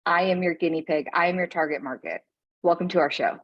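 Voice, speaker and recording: A woman's voice: fairly low pitch, quick pace, muffled recording. A woman co-hosting a podcast, chatty and teasing, with lots of fillers. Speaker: podcast co-host. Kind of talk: casual chat. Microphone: phone.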